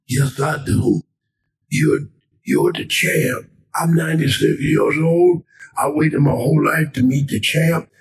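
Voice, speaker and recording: Man acting out a frail old man, earnest, halting, slightly raised voice, gravelly, distant mic. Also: fairly high pitch, pitched above the performer's own voice. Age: older.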